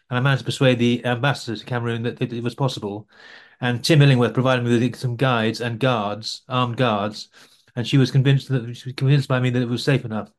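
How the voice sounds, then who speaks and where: A man answering interview questions about his overland travels, rambling with frequent restarts. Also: medium pitch.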